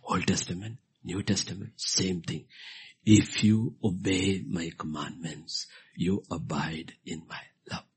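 Un predicatore dall'inglese indiano, voce bassa e molto roca, che alterna sussurri e esclamazioni enfatiche. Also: male voice, fairly even intonation, slow, slightly rough. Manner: swings between hushed whispers and loud, emphatic exclamations; repeats key phrases for emphasis. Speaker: preacher. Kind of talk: sermon.

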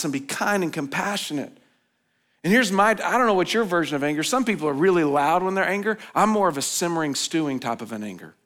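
Conversational pastor, fairly high voice. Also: male voice, animated, fairly quick. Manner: conversational storytelling, swelling to emphatic then dropping soft and low. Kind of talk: sermon. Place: church hall.

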